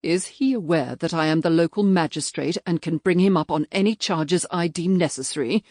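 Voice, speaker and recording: A woman voicing a stern male major and magistrate who talks in clipped, threatening, quietly forceful lines. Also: on the low side, brisk, no echo, studio quality, close to an everyday voice.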